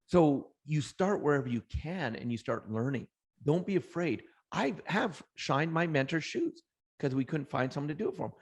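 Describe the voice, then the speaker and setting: Energetic middle-aged male motivational trainer. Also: fairly high pitch, normal speed, breathy edge. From Canada. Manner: energetic, anecdotal, frequent restarts. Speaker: guest, trainer. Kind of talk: motivational storytelling.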